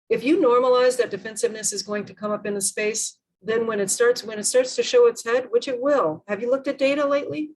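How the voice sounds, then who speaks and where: A woman's voice: medium pitch, darkish tone, husky, low-quality recording. A woman presenting an online workshop over a video call, earnest and emphatic, often asking the group questions.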